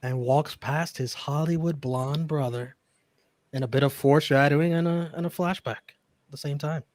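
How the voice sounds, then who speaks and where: A man's voice: fairly high pitch, steady tone, moderate pace, darkish tone, no echo. A man hosting a casual podcast, recapping matches and laughing often. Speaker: podcast host reviewing wrestling.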